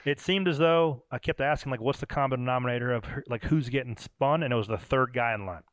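A man's voice: medium pitch, quick pace, no echo. Give me a storytelling man hosting a podcast in a dry studio. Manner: storytelling, animated, swears casually. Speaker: podcast host and race driver. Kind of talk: casual chat.

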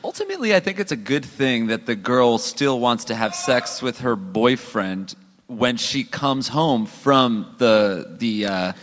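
Bright, teasing comedy podcast co-host, man. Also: medium pitch, big pitch swings, unhurried, long reverb tail, a little hiss or hum. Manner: teasing, shouts jokes to the crowd. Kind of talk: live comedy podcast banter. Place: stage before a large live audience.

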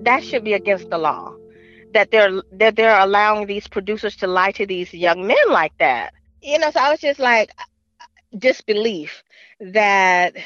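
A woman's voice swings widely in pitch as she recounts events with indignation, acting out what people said. The audio is dull and lo-fi, and the room sounds dry. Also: dry recording. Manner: animated and indignant, acting out past conversations. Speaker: interviewee, mother of a young man. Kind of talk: interview storytelling.

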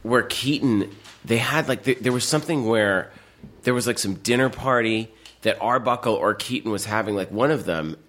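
A man, a guest filmmaker, telling rambling, animated anecdotes in casual chat, full of fillers and restarts. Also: mid-range voice, normal speed.

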